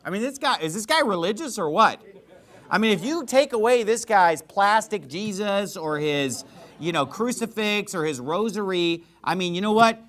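A preacher with a high, lively voice, reading scripture and breaking it down in a loose, sarcastic, conversational way. His tone swings up and down as he makes his points. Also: moderate pace. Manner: casual, animated, sarcastic. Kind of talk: sermon, reading and explaining scripture.

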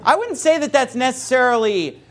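Animated man teaching soul-winning. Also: very high-pitched, normal speed. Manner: animated, acts out quoted replies in varied voices. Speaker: church teacher.

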